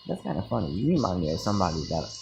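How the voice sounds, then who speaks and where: A calm, friendly teenage boy, as a man puts him on in a very deep, low voice, with halting fillers. Loud crickets and insects chirp steadily behind him. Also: creaky, noisy background, full character voice. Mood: easygoing.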